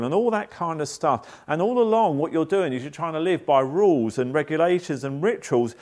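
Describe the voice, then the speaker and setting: A man's voice: fairly high pitch, moderate pace, hardly any pauses. A man preaching a sermon, acting out quotes and asking the listeners questions. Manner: animated preaching with acted quotes. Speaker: pastor.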